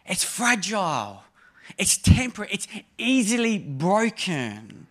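A man in his thirties delivering a sermon with a high, light voice. His manner is chatty and funny, swinging between emphatic bursts and hushed asides. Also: sing-song, slow pace. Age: 30s. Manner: conversational and humorous, with sudden emphatic rises and soft drops. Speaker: preacher.

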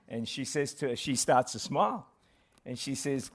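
A guest pastor speaking at a church service, opening with a self-deprecating joke and then praying earnestly. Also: male voice, mid-range voice, expressive, moderate pace. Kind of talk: sermon opening and prayer.

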